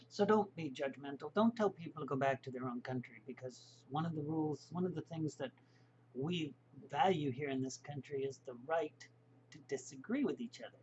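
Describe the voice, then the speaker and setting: Opinionated guy vlogging at home, folksy asides, kinda muffled sound with faint hum. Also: fairly high pitch. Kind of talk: casual rambling monologue.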